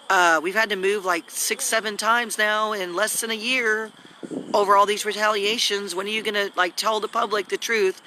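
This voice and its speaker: Recorded by phone during a home live video, a woman scolds in long, rambling stretches, clearly agitated. She has a mid-range voice with a steady, sharp tone and a moderate pace, against slight background noise.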